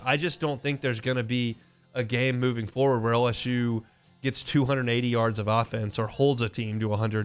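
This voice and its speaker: Male sports radio host, smooth and resonant, mid-pitched, chatty and opinionated, faint music underneath. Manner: conversational, opinionated, many restarts. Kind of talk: casual sports talk. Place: radio studio. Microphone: studio mic.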